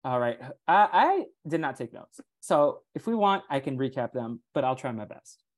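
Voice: medium pitch, very animated, normal speed. A podcast host leading casual chat, teasing the co-hosts and using playful slang.

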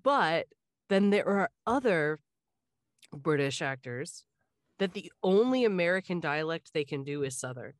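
A woman's voice: sits low, expressive, a little slow, dry recording, clean studio sound. A woman from the Richmond area talking casually as a podcast co-host, rambling with lots of fillers and restarts. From Richmond area, Virginia. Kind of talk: casual chat.

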